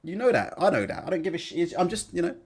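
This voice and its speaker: A man hosting a live stream, talking high and swinging his pitch all over the place. He is blunt and sweary, breaks into laughs and reads viewers' comments aloud in a loose, chatty way. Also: big pitch swings, quick pace, slightly rough. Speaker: livestream host.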